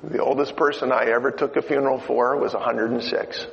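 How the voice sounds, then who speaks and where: A middle-aged man preaching a sermon, telling stories and swinging from loud exhortation to quiet asides. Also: medium pitch, steady tone, a little fast, gravelly. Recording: dull lo-fi sound in a reverberant hall.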